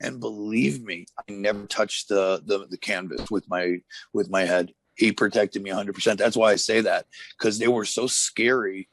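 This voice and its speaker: A man guesting on an interview, telling old stories in a relaxed, rambling way full of fillers. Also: fairly low pitch, normal speed. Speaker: former wrestler, interview guest. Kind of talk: casual storytelling interview.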